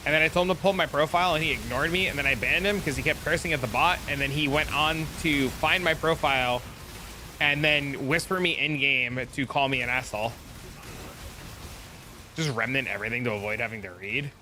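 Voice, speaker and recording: A man's voice: mid-range voice, brisk, noisy background. A man streaming a game and chatting casually, telling stories and mimicking his chat in repeated, raised voices.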